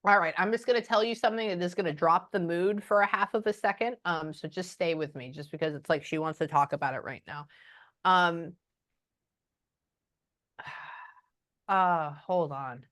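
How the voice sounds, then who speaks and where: A woman's voice: lowish voice, fairly bright tone. Chatty woman giving a hesitant spoken reading. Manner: hesitant, often pausing with "hold on" and "um". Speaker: psychic medium. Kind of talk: casual spoken reading for a sitter.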